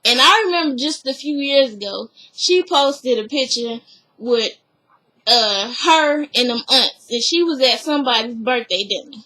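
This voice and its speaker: Bright, high-voiced woman recapping slowly. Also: expressive, poor audio. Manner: chatty storytelling, drawn-out asides. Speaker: reality show recapper. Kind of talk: casual episode recap.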